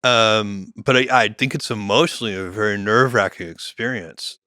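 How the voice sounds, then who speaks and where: A middle-aged man talking in a relaxed podcast conversation, measured and thinking aloud with many fillers and restarts. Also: on the low side, clean tone, dry recording, studio quality. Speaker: guest, company founder.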